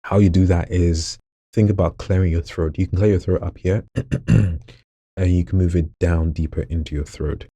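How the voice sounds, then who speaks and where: A man with a very deep, gravelly voice full of vocal fry, chatting casually and jokingly in a vlog while showing off voices at home late at night. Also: moderate pace, no echo. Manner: relaxed, chatty, jokey asides. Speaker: hobby voice actor.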